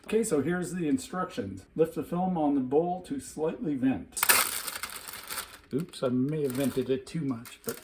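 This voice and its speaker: A man's voice: on the high side, a little mellow, a little hiss or hum. A man from North America giving a casual food review at home in his kitchen, blunt and openly disgusted.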